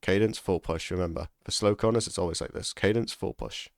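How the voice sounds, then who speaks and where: A man's voice: deep voice, fairly quick, noisy background. A man giving casual instructional commentary over a sim racing lap, repeating key tips for emphasis.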